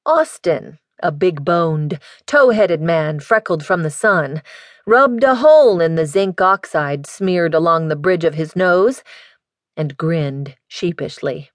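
A woman narrating an audiobook in a measured, even storytelling manner. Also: sits low, dry recording, clean studio sound. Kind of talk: scripted narration.

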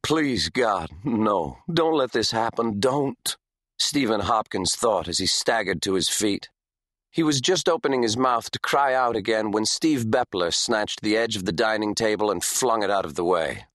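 A man with a fairly low-pitched voice narrates a thriller audiobook from a script, keeping his storytelling even and measured. The recording is dry and clean, with studio quality.

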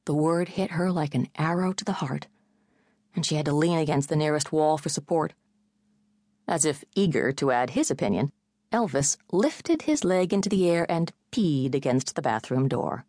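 Low-voiced woman reading a novel. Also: animated, moderate pace, a little mellow, no room sound, clean studio sound. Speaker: audiobook narrator. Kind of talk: scripted narration.

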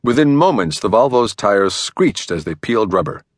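Expressive low-voiced male narrator. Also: normal speed, no room sound. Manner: dramatic, expressive reading. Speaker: audiobook narrator. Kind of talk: scripted narration. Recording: dry studio recording.

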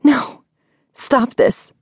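A woman's voice: on the high side, sing-song, a little slow, a little mellow, slightly rough, dry recording, voice pushed up, full character voice. A raised, tight woman's voice, as a woman reader puts on a prim and frightened lady of thirty. She answers with stiff, formal politeness that keeps slipping toward shrillness. It is recorded close and dry. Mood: shrill.

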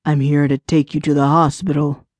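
A steady, composed male firefighter in a storybook, put on by a woman narrator. He talks low, hushed and urgent, his voice dropped well below her own. The sound is close and dry. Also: normal speed, no echo. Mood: urgent, calm.

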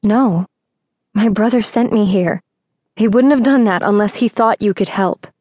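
A woman voicing an anxious, determined young woman in an audiobook, pleading in an earnest, hurried way. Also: mid-range voice, a little mellow, no room sound, clean studio sound, lightly acted. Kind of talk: audiobook character voice.

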